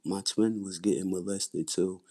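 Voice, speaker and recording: Husky low-voiced man, intense. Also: steady tone, unhurried, warm tone. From Philadelphia, USA. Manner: intense, repetitive, blunt and profane. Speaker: livestream host. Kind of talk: raw personal testimony on a livestream.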